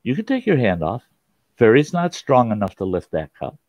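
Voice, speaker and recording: A man voicing a kindly, playful older grandmother in a told story, in a gentle, matter-of-fact way. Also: medium pitch, huge pitch swings, normal speed, dry recording. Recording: dull, lo-fi sound.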